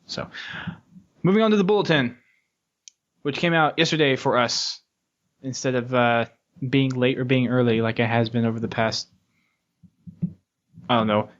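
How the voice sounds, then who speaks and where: A man with a mid-pitched voice hosts a casual gaming podcast, teasing his co-hosts in an upbeat way. The recording is dull and lo-fi. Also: normal speed, long pauses. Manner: teasing, upbeat, laughs often. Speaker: podcast host. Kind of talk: casual chat.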